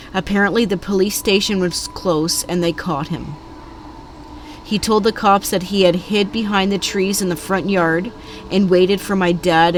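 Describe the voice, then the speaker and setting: A woman narrating true scary stories in a calm, scripted storytelling manner. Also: lowish voice, slight background noise.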